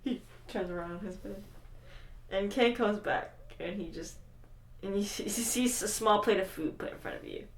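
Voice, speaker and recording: A woman's voice: mid-range voice, normal speed. A woman narrating as game master, giggly and rambling. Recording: echoey room, faint noise.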